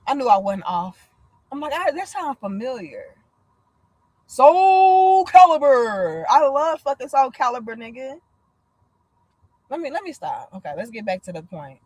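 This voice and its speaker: Her slightly high voice has a breathy edge and moves at a normal speed, with no room sound. She's an American livestream host in her thirties, chatting casually, bluntly and profanely while telling energetic stories.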